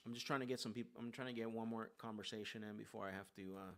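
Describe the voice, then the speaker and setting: Chatty man with a lowish voice. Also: steady tone, quick pace, fairly bright tone. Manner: upbeat, loose and chatty, with many fillers. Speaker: real estate sales caller and host. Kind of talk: casual livestream with live sales calls. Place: in a car.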